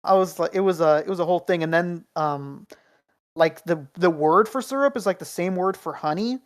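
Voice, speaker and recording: A podcast co-host telling a story in an animated, casual way with plenty of swearing. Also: medium pitch, normal speed. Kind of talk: casual chat.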